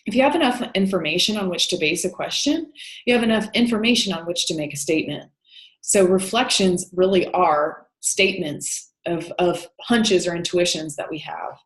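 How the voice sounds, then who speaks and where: Counseling teacher, female, deeper-set voice, patient explainer, reverberant room sound. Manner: explanatory, with frequent "um" and "you know". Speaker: counseling instructor. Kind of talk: recorded lecture.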